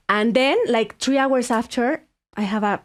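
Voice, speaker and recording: Speaking at a slow pace in a voice on the high side, a Mexican woman hosts a podcast and tells a story casually. She is a native Spanish speaker with a Mexican Spanish accent, and her delivery is animated, with lots of restarts and fillers.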